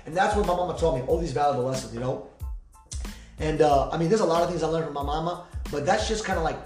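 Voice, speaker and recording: A man hosting a podcast, speaking fast and heartfelt in an emotional personal monologue, repeating himself and swearing freely. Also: on the high side, a little mellow. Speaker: podcast host. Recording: echoey room with faint music.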